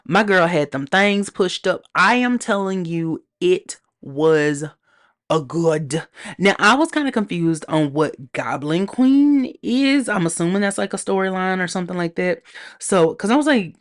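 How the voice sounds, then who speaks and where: A woman casually reviewing a TV episode on her own show, animated and sassy, with playful slang. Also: fairly low pitch, unhurried. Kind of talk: casual solo review chat.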